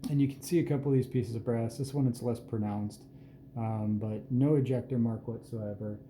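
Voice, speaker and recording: Man, host, casual bench walkthrough; very dark, mellow voice; roomy echo, faint background hum. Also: mid-range voice, steady tone. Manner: unhurried, plain-spoken, self-deprecating asides. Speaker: host showing his hand loads. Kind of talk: casual hands-on explanation. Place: indoor reloading bench.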